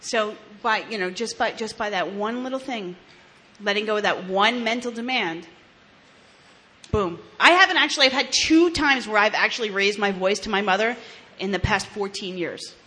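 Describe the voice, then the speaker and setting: A woman's voice: medium pitch, moderate pace, sharp tone. A woman, frankly telling her own recovery story, blunt and swearing, with restarts and laughs. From New Jersey, US. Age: 30s. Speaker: recovery speaker. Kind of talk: candid personal testimony.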